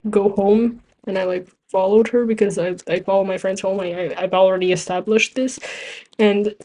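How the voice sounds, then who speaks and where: A woman's voice: medium pitch, fairly even intonation, normal speed, noisy background. A teenage girl who is not a native English speaker, telling a rambling story with giggles and restarts while playing a game. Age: teens. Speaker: gaming vlogger. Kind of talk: casual storytelling over gameplay.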